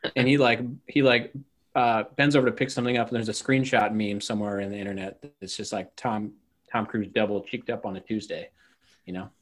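A thirty-year-old man co-hosting a casual podcast, joking in a relaxed way. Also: fairly low pitch, fairly quick. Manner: laid-back, joking. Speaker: podcast co-host. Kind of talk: casual chat.

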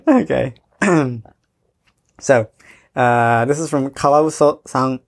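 A man co-hosting a casual podcast, laughing often and reading a listener's letter quickly. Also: medium pitch, wildly swooping pitch, creaky. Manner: giggly, reads the letter quickly. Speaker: podcast co-host.

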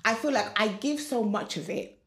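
A woman in her twenties co-hosting a podcast, talking in an expressive, emphatic and dramatic way. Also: a little high, normal speed. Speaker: podcast co-host. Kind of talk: casual chat. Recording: echoey room.

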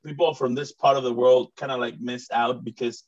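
A man from Mexico hosts a casual interview show. He talks in long, excited runs, with lots of restarts. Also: medium pitch, a little fast. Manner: rambling, many fillers and restarts, enthusiastic. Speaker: host and comedian. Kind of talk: casual chat. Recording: dull, muffled recording.

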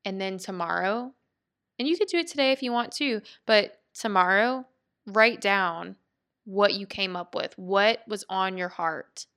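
Lady podcast host, heartfelt motivational talk, smooth clear voice, medium pitch. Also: unhurried, a bit bright. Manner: earnest, heartfelt, thinks aloud with restarts. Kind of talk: reflective motivational monologue.

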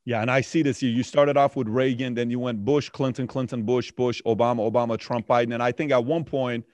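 A man's voice: medium pitch, steady tone, fairly quick, darkish tone, dry recording. A man hosting an interview, chiming in with brief follow-up questions. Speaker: interviewer, host. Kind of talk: casual interview.

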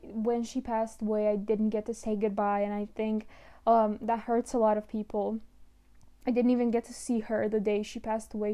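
A young woman talking in a personal monologue, emotional and halting, close to tears at times. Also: on the high side, dark tone.

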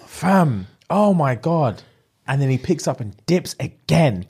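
A man's voice: fairly high pitch, takes it slowly, slightly rough. A young man, chatting casually as he retells a film plot in slang and acts out the characters' lines. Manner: animated storyteller with slang, acting out the lines.

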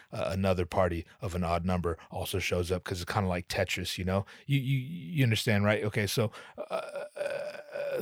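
A young man hosting a podcast, telling a casual, profane, self-mocking story, his voice jumping up in pitch for his own quoted reactions. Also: dry recording, clean studio sound. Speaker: podcast host.

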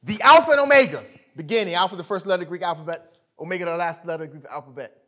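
Male preacher, high bright voice, emphatic sermon delivery with big dynamic swings. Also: expressive, rapid-fire. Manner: emphatic, swings from loud to quiet; conversational, illustrates with sports stories.

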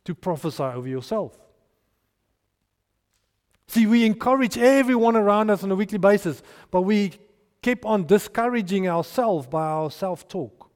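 A man preaching a sermon, animated and storytelling, with restarts and hushed asides. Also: high voice, normal speed. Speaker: pastor. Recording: long hall reverb.

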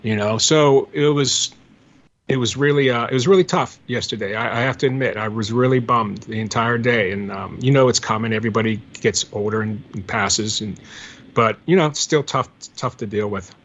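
An older man from around Pittsburgh rambles through his memories as a guest on a casual podcast, reminiscing like a storyteller. His voice is medium-pitched and a bit bright, with a moderate pace. The audio is dull and lo-fi.

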